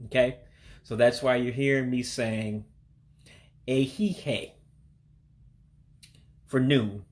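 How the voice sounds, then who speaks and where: A man of middling pitch teaches vocabulary in a patient, methodical way. He says each word slowly, then again, and explains how it breaks into parts. His delivery is relaxed and instructive. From heritage learner of Igbo descent. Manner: patient, repeats words slowly and breaks them down. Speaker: language learner teaching vocabulary. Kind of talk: language lesson.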